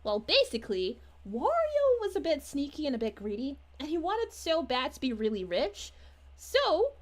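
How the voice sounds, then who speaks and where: Playing a bubbly, sweet young princess, a character streamer reads her chat and talks with viewers in a gushing, giggly, sing-song manner. The woman's voice is high, with huge pitch swings, at a moderate pace.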